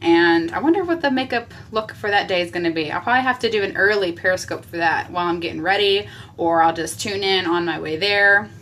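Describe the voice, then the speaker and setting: A woman's voice: lowish voice, brisk, fairly bright tone, slight background noise. A woman chatting on a live makeup stream from a small basement bathroom, talking into a phone camera and answering viewer comments as she goes. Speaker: makeup livestreamer. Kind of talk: casual live-stream chat.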